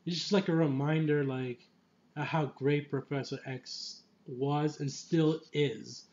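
A man's voice: on the high side, steady tone, takes it slowly, a little mellow, lo-fi sound. A man giving a casual, enthusiastic film review, rambling with lots of fillers and often laughing. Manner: laughs often mid-sentence. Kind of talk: casual spoiler movie review.

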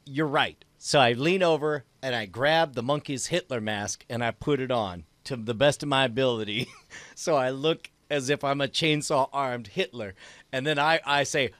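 A man's voice: medium pitch, moderate pace, a bit bright, dry recording. A man playing in a tabletop game, talking in a hesitant, stammering way. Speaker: player. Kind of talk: tabletop role-play.

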